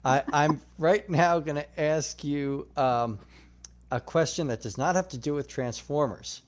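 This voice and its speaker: A male host in a relaxed interview chat, reading out viewer questions. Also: on the high side, unhurried.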